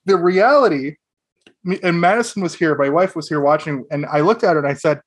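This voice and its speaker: Animated higher-voiced man podcasting. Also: fairly quick, breathy edge. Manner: animated, acts out quotes with raised voice; swears freely. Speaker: podcast co-host. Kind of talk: casual chat.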